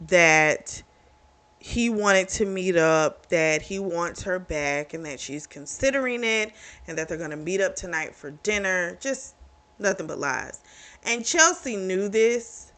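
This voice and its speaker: A book reviewer talks through a romance novel's plot in a loose, chatty way. The voice sits at a middling pitch, neither high nor low. Quick reactions and laughs break into the retelling. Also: sharp tone. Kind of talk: casual book recap.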